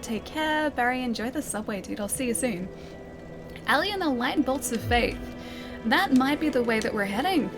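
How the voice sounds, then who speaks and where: A woman streaming a game, chatting casually, reading chat aloud and laughing often. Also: high voice. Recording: game music behind.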